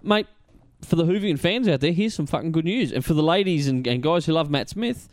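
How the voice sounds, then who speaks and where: A man with an Australian accent hosting a casual podcast, animated and swearing freely. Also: fairly high pitch, fairly quick, no room sound. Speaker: podcast host.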